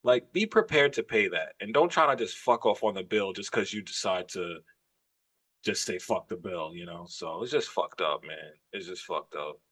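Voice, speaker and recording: A man's voice: deep voice, lively intonation, normal speed, fairly bright tone, breathy edge. Man telling a story, profane and emphatic. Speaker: podcast co-host. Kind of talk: casual podcast chat.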